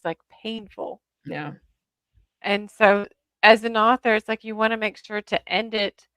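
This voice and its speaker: A woman's voice: medium pitch, a bit bright, smooth, no room sound. A woman author chatting as an interview guest, talking at length and laughing through her stories. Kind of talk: casual interview chat.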